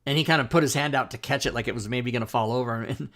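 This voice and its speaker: A man's voice: medium pitch, very fast, fairly bright tone. A man hosting a livestream talk show, telling a long story in a casual, rambling way, laughing often and restarting his sentences.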